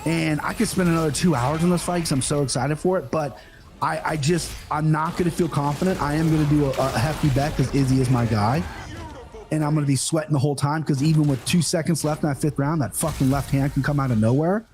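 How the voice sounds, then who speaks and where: Man, sports co-host, fired-up and swearing freely, slightly higher voice, faint hiss behind. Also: fast. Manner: animated, profane, emphatic. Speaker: podcast co-host. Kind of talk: excited sports betting chat.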